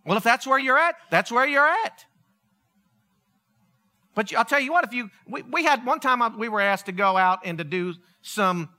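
A man preaching a sermon, telling the story in an animated, joking way. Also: extremely high pitch. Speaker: pastor. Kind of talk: humorous sermon.

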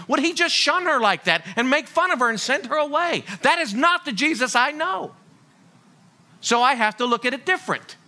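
Animated preacher, high and bright. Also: male voice. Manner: animated, rhetorical questions, folksy humor. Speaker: pastor. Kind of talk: sermon.

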